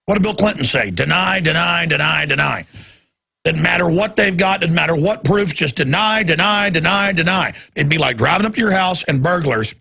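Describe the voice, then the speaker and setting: A male talk radio host with a heavily gravelly, raspy voice that sits a touch high for a man. He rants through a monologue with a forceful, bright edge. He slips into the voices of the people he quotes. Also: animated, brisk, few pauses. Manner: ranting, acts out quoted voices.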